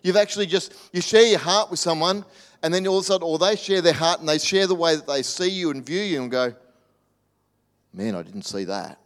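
A man preaching a sermon in a church, animated, acting out voices and dropping to soft near-whispers. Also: high voice, fast, clear, resonant tone. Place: church hall. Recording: reverberant hall.

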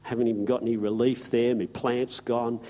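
A man's voice: mid-range voice, flat delivery, normal speed, warm tone, lightly acted. A man voicing a sulky, resigned runaway prophet who grumbles about his lot.

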